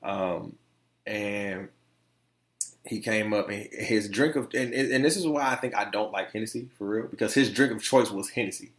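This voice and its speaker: Animated man, roomy echo. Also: on the low side, normal speed. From Detroit, USA. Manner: animated, profane, conversational. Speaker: podcast host. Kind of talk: casual storytelling monologue.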